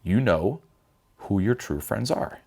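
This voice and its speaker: Young guy w a super deep voice talking self-help straight to camera, swears a lot. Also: expressive, takes it slowly, creaky, dark tone. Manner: blunt and profane, mimics panicked voices in a higher pitch. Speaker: vlogger giving life advice.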